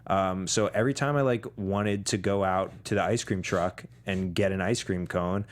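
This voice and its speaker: A man co-hosting a movie podcast, telling stories in a relaxed way with dry quips. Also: low-pitched, normal speed. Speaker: podcast co-host. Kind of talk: casual movie chat.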